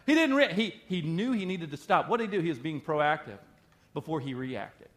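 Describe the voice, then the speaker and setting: A man's voice: on the high side, moderate pace, fairly bright tone. A middle-aged male pastor preaching a sermon in a conversational, emphatic way, often asking rhetorical questions.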